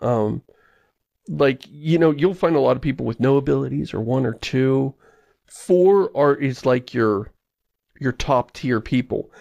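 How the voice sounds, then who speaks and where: A man hosting a podcast in casual, chatty talk with quick asides. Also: mid-range voice, vocal fry, a little mellow, no echo, lo-fi sound. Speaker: podcast host.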